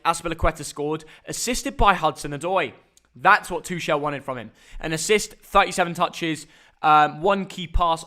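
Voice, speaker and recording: A young man hosting a live football reaction stream, chatty and energetic. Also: a little high.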